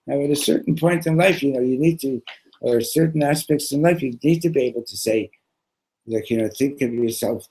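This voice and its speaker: A man, a rabbi, giving a casual sermon with a joke, talking in a halting way with many repeated words and conversational asides. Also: mid-range voice, warm tone, slightly rough, poor audio. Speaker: rabbi teaching a class.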